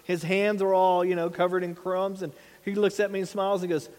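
Preaching with plain earnestness and many rhetorical questions, a thirtysomething pastor speaks briskly in a high-for-a-man, slightly mellow voice with little pitch movement. A long reverb makes it sound like a large hall.

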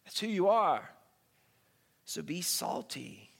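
A man with a notably high voice delivers a sermon at an unhurried pace. He leans on dramatic pauses and stretched-out words, and he mixes earnest preaching with playful asides. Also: wildly swooping pitch, gravelly, fairly bright tone. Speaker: pastor.

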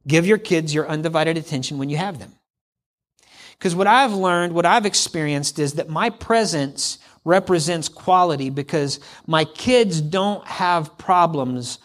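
A high-pitched, somewhat bright voice comes from a middle-aged man giving a sermon as a pastor. His style is conversational, with hypothetical quotes acted out and lines repeated for emphasis.

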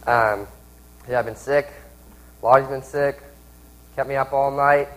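A man's voice: mid-range voice, steady tone, measured pace, poor audio. A man who is a little sick, preaching and teaching in a conversational way and asking his listeners questions. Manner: conversational, asks the audience questions. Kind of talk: sermon and teaching.

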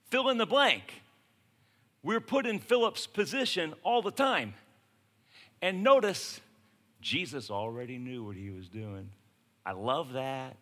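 A man preaching a sermon in a casual, conversational way, swinging from hushed lines to shouted ones. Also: high-pitched, very animated, normal speed. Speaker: pastor.

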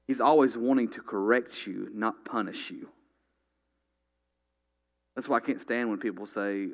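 A man's voice: fairly low pitch, a bit bright. A man preaching a sermon, earnestly reading scripture and speaking straight to his congregation. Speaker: pastor.

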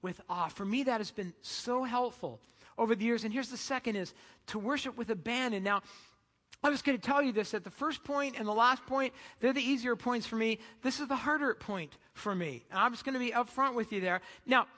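Bright-voiced preacher in an echoing hall. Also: medium pitch, fairly quick. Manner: conversational storytelling preaching. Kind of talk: sermon.

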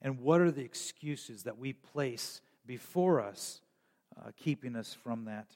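A man preaching a sermon as pastor, with emphatic rises and frequent throat clearing. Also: mid-range voice, animated, measured pace, a little mellow, long reverb tail.

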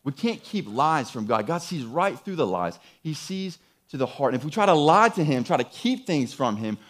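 A man's voice: on the high side, big pitch swings, normal speed. A man preaching a sermon in a conversational, emphatic way, often repeating phrases. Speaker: pastor.

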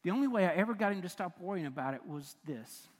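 An older man preaching a sermon, telling a family story in an animated, self-mocking way with chuckles. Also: high-pitched, fast. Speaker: pastor. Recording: long reverb of a large hall.

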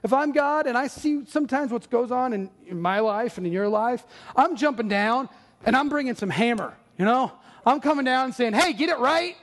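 A male pastor preaching a sermon in an earnest, conversational way with animated asides. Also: very high-pitched, normal speed. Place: church sanctuary. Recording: long church hall reverb.

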